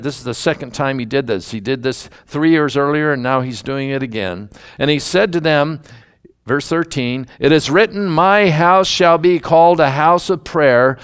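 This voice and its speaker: A man's voice: medium pitch, clean tone. A man teaching the Bible verse by verse in a conversational, musing way, openly admitting what he doesn't understand.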